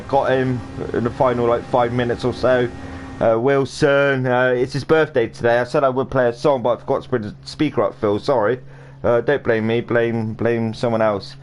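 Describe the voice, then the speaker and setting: A man casually commentating a sim racing stream, rambling and chatty with lots of fillers and restarts. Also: mid-range voice. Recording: noisy home stream audio.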